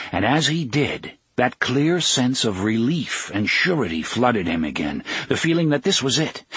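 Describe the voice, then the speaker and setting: A man narrating an audiobook in a measured storytelling manner, often slowing down for suspense. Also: medium pitch, fairly bright tone, breathy edge, no echo. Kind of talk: scripted narration.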